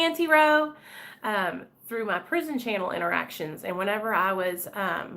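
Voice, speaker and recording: A woman's voice: mid-range voice, pushed and bright. A woman with a drawl talks candidly to her live-stream audience. She is chatty and direct and greets commenters by name as she goes. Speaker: vlogger talking to live chat. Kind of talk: casual live-stream chat.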